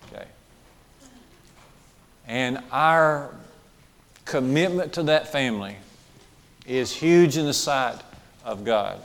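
A male preacher in a large hall speaks in a mid-range voice, going slowly and pausing often. His sermon repeats key phrases for emphasis, and he checks in with listeners by asking questions and saying "okay" again and again.

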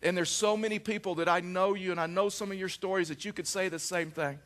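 A middle-aged male pastor preaching a sermon, telling a personal story in an animated way with frequent restarts. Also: sits high, quick pace.

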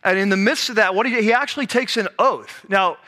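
Bright, high-voiced male preacher. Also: fairly quick. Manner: animated, conversational, acts out scenes. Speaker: pastor. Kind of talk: sermon.

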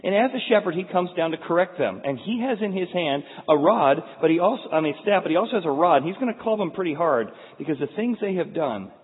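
A man preaching a sermon, telling stories in an animated way with frequent restarts. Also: sits high, quick pace, hardly any pauses, breathy edge. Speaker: pastor. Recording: phone-like sound in echoey hall.

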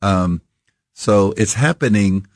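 A man's voice: fairly low pitch, lively intonation, slow, no echo. A man in his fifties from Iowa, a guest on a studio interview, talking reflectively and rambling with many restarts. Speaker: coffee company founder, guest. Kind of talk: casual interview. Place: radio studio.

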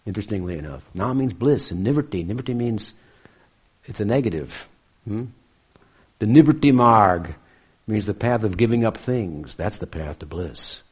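A man with a deep, husky voice lectures on sacred texts. He speaks reflectively and keeps checking in with his listeners with a questioning "hmm?". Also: a little mellow. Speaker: spiritual teacher. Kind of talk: scripture lecture.

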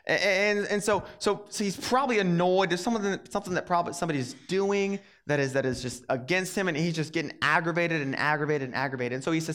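A young man with a high, light voice preaches in a loose, conversational way. He tells the story with plenty of energy and slips into the voices of its characters as he goes. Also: quick pace, few pauses. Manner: animated, acts out the story's characters. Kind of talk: casual storytelling sermon.

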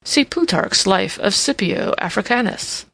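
A woman's voice: mid-range voice, measured pace, creaky, no echo, exaggerated voice. A woman voicing a jovial, teasing old king. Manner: lively, mocking, fond of puns and learned quips. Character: elderly male king, jovial, teasing, self-assured.

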